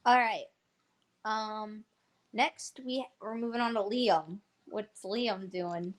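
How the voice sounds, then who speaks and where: A woman running a tabletop game over voice chat, talking at an easy, unhurried pace. Her voice sits in a middle range, and she narrates scenes plainly with short laughs between. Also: mid-range voice, fairly even intonation. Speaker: game master.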